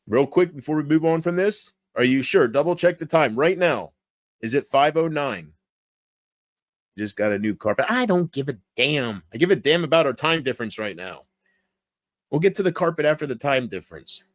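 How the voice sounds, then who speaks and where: A man streaming late at night. He keeps his voice low and rambles casually while talking straight to his viewers. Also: normal speed, no echo, clean studio sound. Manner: relaxed, rambling, talks straight to viewers in chat. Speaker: livestreamer.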